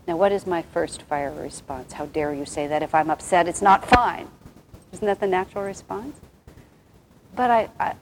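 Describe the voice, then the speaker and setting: Soft-spoken woman giving a spiritual talk. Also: medium pitch, a little hiss or hum, low-quality recording. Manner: wordy, rambling, with many restarts. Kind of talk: reflective spiritual talk to an audience.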